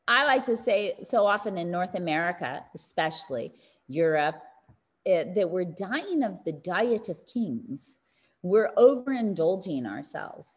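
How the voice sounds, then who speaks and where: A woman delivering a motivational health talk at a medium pitch, lively and direct. She tells her stories with animation and keeps turning to speak straight to her listeners. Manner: animated storyteller addressing the audience directly. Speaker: wellness speaker.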